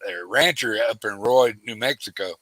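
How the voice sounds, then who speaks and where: A man's voice: fairly low pitch, a little fast, sharp tone, dry recording, rough recording. A man telling a long hunting story in casual chat, full of restarts and quoted lines. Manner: rambling storyteller with frequent restarts, acts out quoted voices. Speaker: host.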